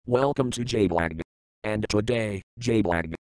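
A male text-to-speech voice playing a brash show host who gives stiff, loud robotic introductions. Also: fairly low pitch, slow pace, smooth, dry recording, studio quality.

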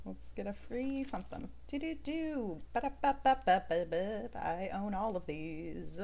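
A woman's voice: medium pitch, big pitch swings, a little slow, gravelly, few pauses, darkish tone. A young woman streaming a game, chatting casually and laughing often with her viewers. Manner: chatty, laughs often, jokey asides to chat. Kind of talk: casual gameplay commentary.

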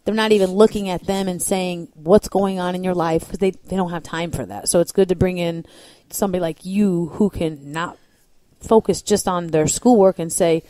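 A woman's voice: on the low side, fairly even intonation, normal speed, dark tone, dry recording. A woman interviewing a guest in a friendly chat, listening attentively and affirming what she hears.

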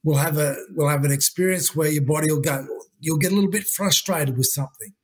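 Husky man, earnest coach. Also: on the high side, quick pace. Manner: earnest, repetitive, uses "you know" and "mate". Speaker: interview guest, leadership coach. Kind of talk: conversational interview talk.

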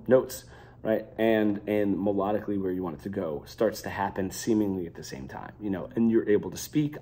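A man's voice: on the low side, dark tone, husky. A young adult man giving an unscripted guitar lesson, talking loosely with many fillers and restarts. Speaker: guitar teacher.

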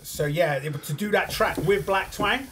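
A man's voice: sits high, normal speed, background noise. A man co-hosting a casual podcast, talking in a rambling, sweary way with many fillers. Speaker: podcast co-host.

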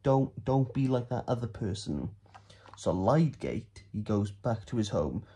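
A man's voice: lowish voice, very animated, unhurried, background noise. A man giving a comic, rambling book recap as a vlogger. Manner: rambling, playful, silly asides.

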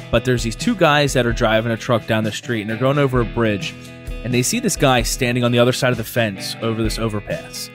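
New man, podcast co-host, loose animated storyteller over music. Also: medium pitch. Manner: animated storyteller, lots of "uh" and laughs. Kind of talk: casual chat, telling news stories.

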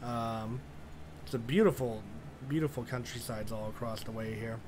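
A man's voice: medium pitch, moderate pace, background noise. Laid-back male game master. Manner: relaxed, casual with fillers. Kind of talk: narrating a tabletop game.

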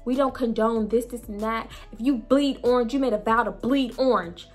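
A woman's voice: a little high, normal speed, faint music behind, close to an everyday voice. Stern, lecturing male manager voiced by a woman telling a story.

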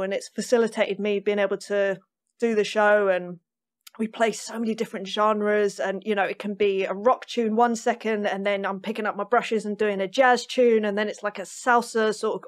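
A woman drummer, a podcast guest, telling stories in a lively, chatty way and laughing often. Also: mid-range voice. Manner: animated storytelling, laughs often. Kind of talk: casual interview chat.

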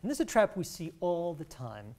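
Earnest woman lecturer, lively pitch. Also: a little fast. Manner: earnest, explanatory, some restarts. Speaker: professor, relationship researcher. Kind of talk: scripted talk on couples' health.

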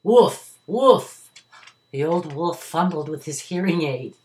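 A woman's voice: low-pitched, moderate pace. An older woman, a retired teacher, reading a children's story aloud at home. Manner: warm, expressive reading to children.

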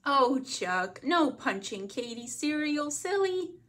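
A woman voicing a gentle mother who coaxes her children in a soft tone. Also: high-pitched, big pitch swings, slow, pitched above the performer's own voice, heavily acted. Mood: coaxing. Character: gentle, indulgent mother of two.

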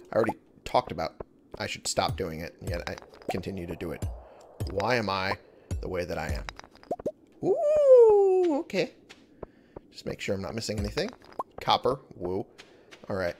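With game music behind him, a man provides relaxed let's-play commentary, muttering chattily to himself during play as the video's host. He has a deep voice with vocal fry.

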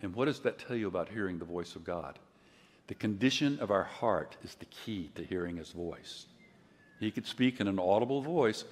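An older man giving a conference sermon, telling stories in a conversational way and acting out quotes loudly. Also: fairly low pitch. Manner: conversational storytelling, loud acted quotes. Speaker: preacher. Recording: long hall reverb.

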